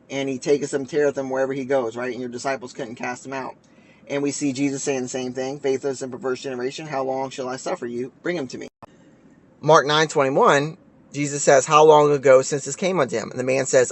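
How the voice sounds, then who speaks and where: A man's voice: mid-range voice, slight background noise. Male Bible teacher, casual talk, reads verses aloud, mid-range voice, keeps asking "right?".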